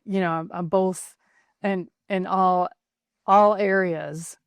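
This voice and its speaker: A woman hosting a podcast interview, asking long measured questions. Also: on the low side, steady tone, clean tone, no echo. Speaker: podcast host.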